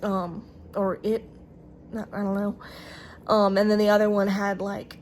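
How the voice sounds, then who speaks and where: A vlogger with a Southern US accent talks to her self-recording camera in a medium-pitched, slightly mellow voice, level in tone and measured in pace. She rambles casually, hesitating and restarting often with fillers, over slight background noise.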